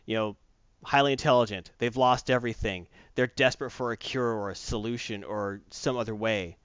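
A man in a casual chat, retelling a comic book story in animated fashion and acting out the characters' lines. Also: medium pitch, fairly quick, clean tone, dry recording, lo-fi sound.

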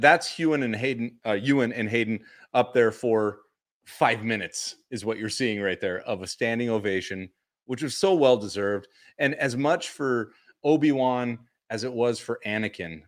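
A man co-hosting a casual podcast chat, telling stories animatedly and acting out quotes. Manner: animated storyteller, acts out quotes in high voices. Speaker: podcast co-host.

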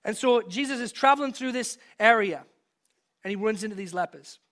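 A man delivering a sermon from the pulpit, his voice sitting high and ringing bright. He mixes scripture reading with relaxed personal stories, then pushes up to emphatic peaks on his main points. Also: fairly quick. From from outside the US. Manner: storytelling, conversational, builds to emphatic peaks. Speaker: pastor.

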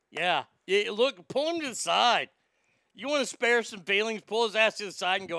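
Blunt, bright-voiced swearing male comic. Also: sits high, lively intonation, normal speed, vocal fry, smooth, no room sound, clean studio sound. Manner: blunt, swearing, riffing storyteller. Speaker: podcast host answering listener mail. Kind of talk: profane comedic advice rant.

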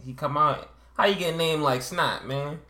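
A man's voice: fairly high pitch, normal speed, pushed and bright, echoey room, voice pushed up. A man putting on the voice of a swaggering street hustler from a crime drama, in drawling, slang-heavy street talk. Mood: needling.

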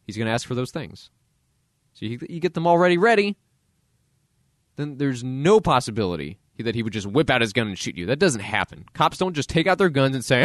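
Blunt, animated man hosting a podcast. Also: a little high, a little fast, no echo, clean studio sound. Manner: blunt, acts out voices in dialogue. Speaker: podcast host. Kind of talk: casual opinion commentary.

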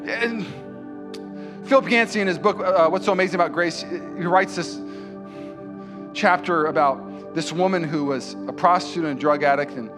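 A man's voice: high-pitched, normal speed, over music. A man preaching a sermon as pastor, telling a story with the characters' dialogue acted out. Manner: storytelling preacher who acts out dialogue and builds to impassioned, raised delivery. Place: church.

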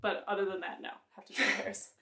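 A young woman hosting a casual podcast chat, curious and quick to laugh, asking lots of questions. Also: mid-range voice, little pitch movement, pushed and bright. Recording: echoey room.

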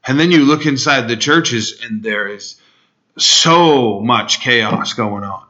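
A man's voice: medium pitch, takes it slowly, sharp tone, dull audio. A male pastor preaching an impassioned expository sermon, pleading and rising sharply for emphasis.

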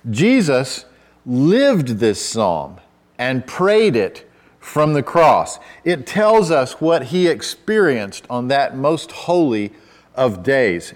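A pastor with a mid-range voice preaches a sermon conversationally, with self-deprecating asides and restarts. When quoting scripture, he rises to loud, emphatic cries.

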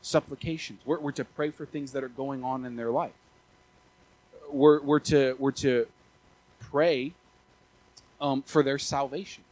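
A young man in his twenties preaching a casual, animated sermon as a pastor, often stammering and restarting his words. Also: mid-range voice, unhurried, long pauses, low-quality recording. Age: 20s.

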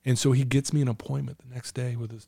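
Earnest man telling a story, dark tone. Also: mid-range voice, little pitch movement, fast talker, creaky, no room sound, clean studio sound. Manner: earnest, acts out quoted dialogue. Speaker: guest telling his story. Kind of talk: casual storytelling conversation.

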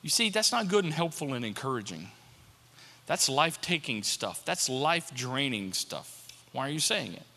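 A man's voice: medium pitch, sing-song, moderate pace, bright, forceful tone, in a large hall. A man preaching a sermon as pastor, talking conversationally and repeating rhetorical questions to the congregation.

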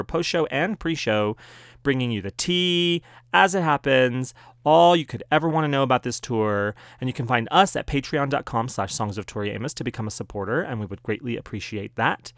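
A man's voice: medium pitch, fairly bright tone, no echo, clean studio sound. A young man hosting a fan podcast, talking in a chatty, playful way with little laughs. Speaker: podcast host. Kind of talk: casual podcast monologue.

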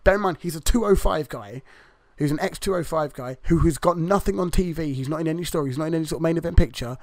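Sweary guy rambling thru wrestling recaps, kinda high voice, dry close sound. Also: fast, darkish tone, no room sound. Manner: rambling, swears freely, acts out wrestlers' lines. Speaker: podcast co-host. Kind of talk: casual wrestling review chat.

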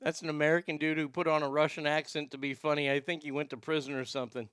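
A man giving crude, excitable casual commentary as he reacts to videos. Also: on the high side, fast talker, clean tone, dry recording, studio quality.

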